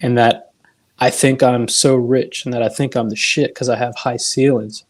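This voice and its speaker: A man's voice: mid-range voice, level tone, normal speed. Man, defensive, exasperated, swearing, live-stream argument. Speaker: watch community member.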